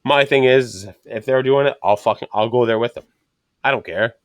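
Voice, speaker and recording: A man hosts a relaxed podcast conversation, with a voice of middling pitch that sounds dry and close to the mic. He talks bluntly and swears freely, and he throws himself into his storytelling. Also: brisk, no echo. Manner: blunt and profane, animated storytelling. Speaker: podcast host and rebar worker. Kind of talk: casual podcast chat.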